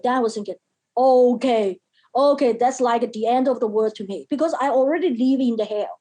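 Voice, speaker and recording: A woman speaking as an interview guest, telling a personal story in halting phrases with many fillers and acting out the lines of the people in it. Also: sits high, dark tone, low-quality recording. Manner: emphatic, acts out quoted speech. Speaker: podcast guest, mental health educator.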